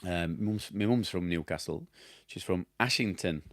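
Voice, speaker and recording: A deep-voiced middle-aged man with a broad Yorkshire accent chats casually to his viewers. He rambles, chuckles at himself and loses his thread now and then. The sound is dry and close, with no room around it. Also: moderate pace, no echo. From Yorkshire, England. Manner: rambling, chatty, laughs at himself, loses his train of thought. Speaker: damp specialist and former plasterer answering viewer questions. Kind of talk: casual chat.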